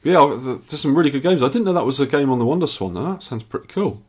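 In a husky, mid-range voice, a podcast co-host spins a long, rambling tale at a quick pace, animated despite being tired and yawning from too little sleep. He chats casually and often restarts his sentences.

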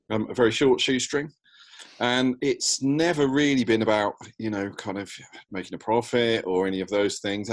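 A man, a musician guest, answering interview questions in a thoughtful, hesitant way. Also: on the low side.

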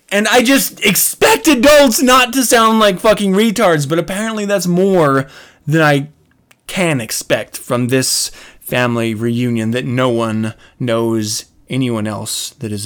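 A man hosting his own podcast, telling a story in a casual monologue, swearing freely and laughing often as he rants. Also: fairly high pitch. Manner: animated, profane storytelling rant with frequent laughs. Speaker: podcast host.

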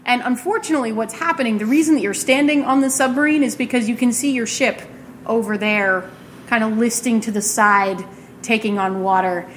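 A woman's voice: a little high, a little fast, a bit bright, a little hiss or hum. Giggly woman narrating a tabletop game. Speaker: podcast host and game master. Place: gaming convention.

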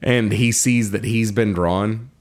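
A man with a lowish voice chats casually as a podcast co-host, recapping a story. He keeps breaking into laughter and slips into quick little voices for each character's lines. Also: steady tone. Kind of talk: casual chat retelling a story.

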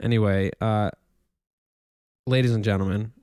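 A man's voice: lowish voice, steady tone, moderate pace, darkish tone, clear, resonant tone. A man co-hosting a podcast, chatting casually and telling self-deprecating stories. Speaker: podcast co-host. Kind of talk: casual chat.

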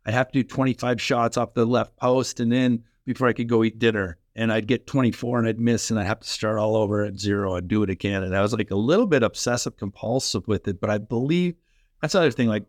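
A middle-aged man from Canada, a former pro hockey player, telling energetic, fast-flowing stories in a podcast interview. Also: medium pitch, no echo, clean studio sound. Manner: energetic, fast-flowing anecdotes with quoted dialogue. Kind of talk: animated storytelling in a podcast interview.

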